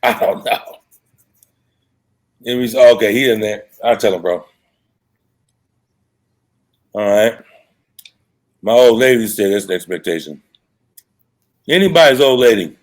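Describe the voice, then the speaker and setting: A man hosting a casual live show as a dating coach, talking frankly in a loose, rambling way and reading out viewer comments. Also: mid-range voice. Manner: loose and rambling, frank, quick asides and self-corrections.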